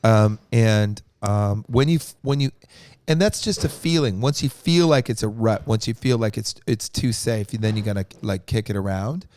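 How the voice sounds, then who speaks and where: A man's voice: on the low side, moderate pace, hardly any pauses, darkish tone, slight background noise. A man hosting a loose, profane post-show chat, joking and musing about touring. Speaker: band frontman and show host. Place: venue backstage room.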